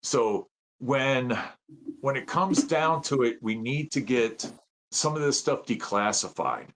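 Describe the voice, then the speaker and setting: Lively animated man in his fifties. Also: medium pitch, takes it slowly. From United States. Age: 50s. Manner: animated, excitable, acts out quoted voices. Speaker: podcast guest, veteran and citizen journalist. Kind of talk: casual storytelling interview.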